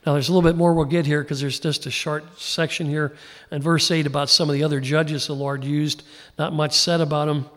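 Male pastor, conversational sermon, folksy and informal, slightly high voice. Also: little pitch movement, brisk, a bit bright, big-room sound. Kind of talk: conversational Bible teaching sermon.

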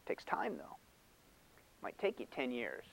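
An older man preaching a sermon in an animated, conversational way, laughing and acting out mock voices. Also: mid-range voice, unhurried, vocal fry, dry recording, low-quality recording. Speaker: pastor.

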